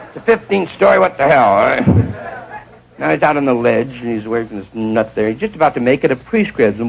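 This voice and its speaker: A man's voice: medium pitch, animated, fast talker, gravelly, lo-fi sound, slight background noise. A man around forty doing an improvised stand-up monologue, rambling and digressive, with muttered asides. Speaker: stand-up comedian.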